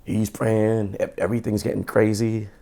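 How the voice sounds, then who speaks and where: Middle-aged man, gravelly voice, lowish pitch, animated storytelling, stammers and restarts. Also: normal speed. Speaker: podcast guest, former police officer. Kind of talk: casual storytelling interview.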